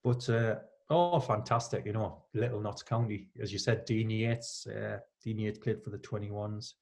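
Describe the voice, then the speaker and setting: A Geordie man in his fifties, a former footballer, chatting in a relaxed way and telling anecdotes as a podcast guest. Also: lowish voice, moderate pace, gravelly. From Newcastle, England. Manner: storytelling, acts out quoted lines with laughs.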